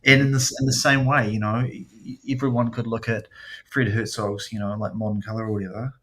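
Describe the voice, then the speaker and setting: A man hosting a casual podcast chat, rambling through stories with lively energy and frequent swearing. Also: on the low side, a little fast. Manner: rambling, animated storyteller who swears freely. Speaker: podcast host.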